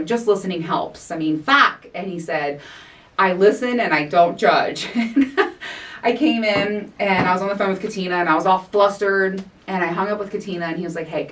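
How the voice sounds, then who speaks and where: A woman's voice: on the low side, distant mic. A woman in her forties hosting her own podcast, talking candidly in a casual chat, laughing often and swearing freely. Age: 40s. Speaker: podcast host. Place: home recording space.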